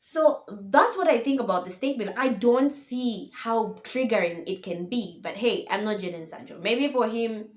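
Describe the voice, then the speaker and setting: A woman ranting about football in a casual vlog, animated and exasperated, firing off rhetorical questions. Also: mid-range voice, moderate pace, hardly any pauses, reverberant. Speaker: football vlogger. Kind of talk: opinionated casual monologue.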